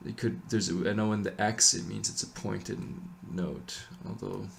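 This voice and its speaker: A man talks through a chant lesson at an unhurried pace. He hesitates often, fills pauses with ums and corrects himself as he explains. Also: lowish voice, steady tone, vocal fry, a little hiss or hum. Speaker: chant teacher. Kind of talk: casual explanation with sung chant examples.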